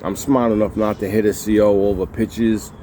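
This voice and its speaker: In a lowish, warm voice with little pitch movement and a moderate pace, a former prisoner describes his time inside for the camera. Slight background noise is audible, and he gets heated and profane, repeating himself and acting out what people said.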